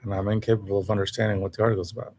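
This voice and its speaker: Low-voiced sardonic man rambling on stream. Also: level tone, rapid-fire, darkish tone, slight background noise. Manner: sardonic, rambling and self-mocking. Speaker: live streamer. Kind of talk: casual solo live stream commentary.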